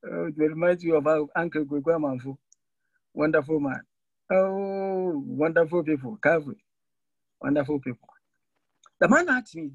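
A man preaching a sermon to a church congregation, swinging between raised, pointed lines and sudden low, emphatic drops. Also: normal speed, gravelly, pauses often, slightly rough, no room sound, muffled recording. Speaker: Methodist preacher.

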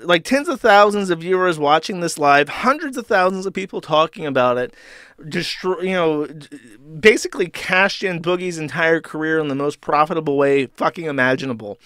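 A man's voice: on the high side, a bit bright, no room sound, clean studio sound. Sarcastic, profane male commentary host. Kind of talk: ranting online commentary.

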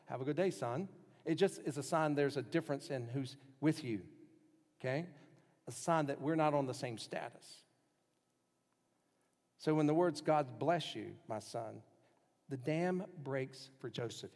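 A male pastor preaching a sermon, swinging from strong, raised lines down to hushed, near-whispered ones. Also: mid-range voice, long reverb tail. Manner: dramatic shifts in loudness, dropping to near whispers.

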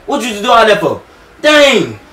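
A man's voice: sits high, huge pitch swings, moderate pace, pushed and bright. A young man in a heated casual argument with his girlfriend, talking in slang and laughing off her anger. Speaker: vlogger. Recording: echoey room from far off.

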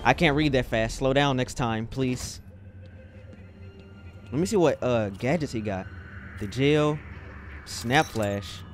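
A man's voice: medium pitch, takes it slowly, pauses often. Hyped young man gaming with slang. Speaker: gaming YouTuber. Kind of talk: let's play commentary. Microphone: headset. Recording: voice over game music.

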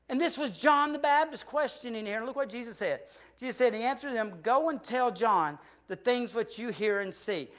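A man preaching a sermon as pastor with a Southern US accent, swinging from loud emphatic passages to hushed ones. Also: very high voice, a little fast. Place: church sanctuary.

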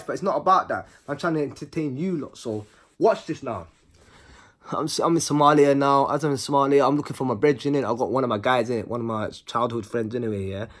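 A man spins a casual storytime monologue. His voice is husky and mid-pitched, and his delivery is animated and packed with street slang and rhythmic repeated words. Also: fairly quick.

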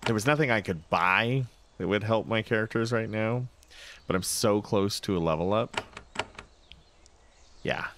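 A man's voice: lowish voice, unhurried, long pauses, fairly bright tone. A man giving casual gameplay commentary, chatting to himself and reading game text aloud. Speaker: let's play host.

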